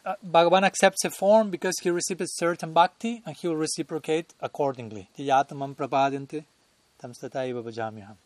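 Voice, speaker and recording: Chuckling swami with a higher voice. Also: male voice, no room sound. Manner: chuckles often, conversational and searching for words. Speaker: swami giving a temple lecture. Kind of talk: devotional lecture. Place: temple.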